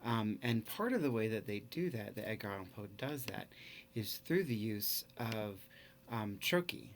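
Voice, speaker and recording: A man teaching a recorded online lesson in a casual, halting way, full of fillers. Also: lowish voice, a little hiss or hum. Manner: relaxed, casual.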